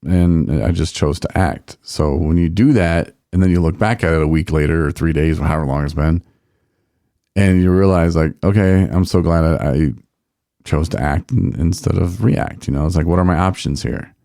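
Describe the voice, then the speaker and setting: A man's voice: extremely low pitch, normal speed, warm tone, dry recording, studio quality. A man co-hosting a recovery podcast, talking casually and reflectively, often repeating words as he thinks. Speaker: podcast co-host.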